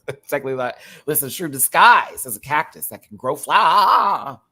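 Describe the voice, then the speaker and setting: Male show reviewer on a live stream; expressive, swooping delivery, rambling and quick to laugh. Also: fairly high pitch. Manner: animated, rambling, laughs often, many fillers.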